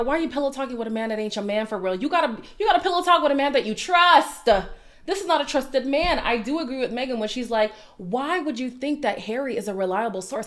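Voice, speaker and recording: A woman's voice: a little high, a bit bright. A woman talks straight into a desk mic, recapping reality TV in a loose, opinionated way. She is sassy and likes to say her point twice. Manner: sassy, opinionated, repeats lines for emphasis. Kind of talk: casual commentary.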